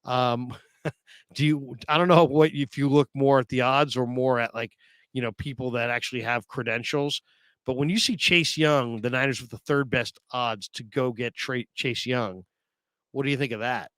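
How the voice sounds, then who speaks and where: A man's voice: mid-range voice, normal speed, fairly bright tone, clean tone, no room sound. A man hosting a casual sports talk show, reading viewer comments aloud and laughing often.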